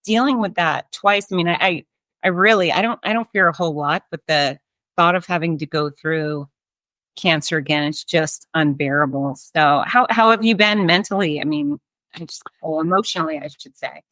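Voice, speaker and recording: A woman's voice: lowish voice, normal speed, no echo. A woman hosting an interview, chatty and emphatic, sharing her own experiences. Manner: warm-hearted, emphatic, chatty. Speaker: host. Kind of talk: interview conversation.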